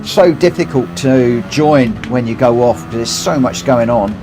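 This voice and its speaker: A man's voice: mid-range voice, unhurried, music in the background. A man chatting to viewers while racing on a live stream, joking at his own expense and laughing often. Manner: chatty, laughs a lot, self-mocking. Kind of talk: casual live-stream commentary. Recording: noisy game audio behind voice.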